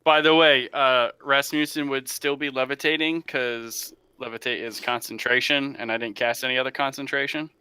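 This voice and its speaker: A man's voice: medium pitch, fairly even intonation, normal speed, hardly any pauses, bright, forceful tone, clean tone. A man playing in a tabletop game, who talks matter-of-factly and checks the rules. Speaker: player. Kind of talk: casual tabletop game play.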